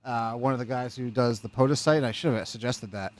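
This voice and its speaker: Man, quick-witted co-host, rapid banter, ribs the host. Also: medium pitch, steady tone. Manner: quick teasing quips. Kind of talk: casual live-stream banter.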